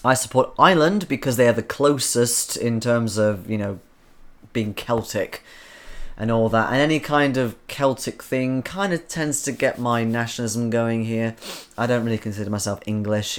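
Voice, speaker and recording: A man's voice: medium pitch, moderate pace, fairly bright tone. A man from the Isle of Man hosting a live stream, chatting casually and reading out viewer comments, rambling with frequent ums. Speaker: livestream host reading chat.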